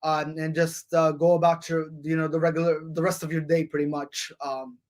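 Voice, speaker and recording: Male podcast host, high-pitched, loose and rambling, lots of ums and restarts, reads sports scores to "folks.". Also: little pitch movement, normal speed. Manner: rambling, frequent fillers and restarts; addresses listeners as folks, ladies and gentlemen.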